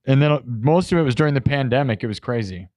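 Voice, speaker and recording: A man's voice: medium pitch, expressive, fast, a little mellow, dry recording. A man hosting a live stream, chatting in a rambling, jokey way and talking straight to his chat. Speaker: live-stream host and musician.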